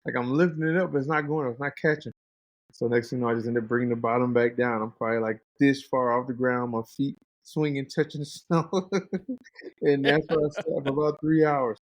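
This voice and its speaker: A man in his thirties, a guest on a podcast, telling hunting stories casually and acting out his friends' lines in a higher voice. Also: brisk, no room sound, poor audio. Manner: animated, acts out quoted friends in a higher voice. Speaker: guest, pro fighter and bow hunter. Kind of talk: casual storytelling.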